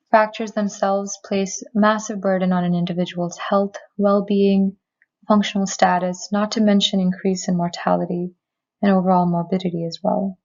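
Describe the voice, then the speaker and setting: A woman physician giving a prepared lecture, speaking in a measured, clear, explanatory way from a remote recording. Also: medium pitch, dull audio. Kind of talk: prepared medical presentation. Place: remote recording, not in person.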